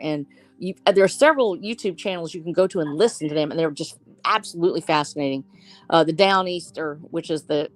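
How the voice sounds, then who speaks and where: Low-voiced chatty woman from Texas. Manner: chatty, enthusiastic, thinking aloud. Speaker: panelist in a writers' discussion. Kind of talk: casual chat.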